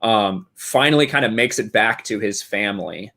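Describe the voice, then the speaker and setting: A man's voice: on the low side, moderate pace, pushed and bright. A man in casual podcast chat who thinks aloud, with many fillers like "uh" and "like". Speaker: podcast co-host.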